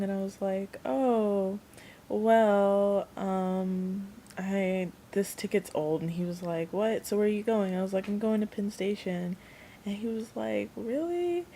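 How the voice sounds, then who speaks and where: A woman's voice: medium pitch, gravelly, mellow, a little hiss or hum. A young woman vlogging, telling a rambling story in a chatty way and acting out the people she quotes. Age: young adult. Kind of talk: casual storytelling vlog.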